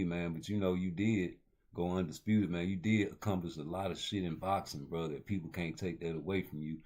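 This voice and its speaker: A man's voice: low-pitched, a little mellow. A man hosting a casual boxing talk show, rambling in loose street slang. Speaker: host.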